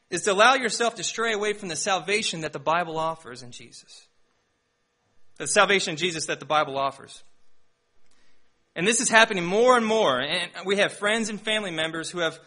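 A young man preaching a sermon, opening with a self-deprecating personal story told in an animated way. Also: high-pitched. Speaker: pastor.

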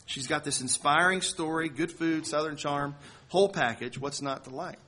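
A man delivering a sermon to a congregation, telling a story in a conversational way with slow, emphatic phrasing. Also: fairly high pitch, sharp tone. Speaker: pastor.

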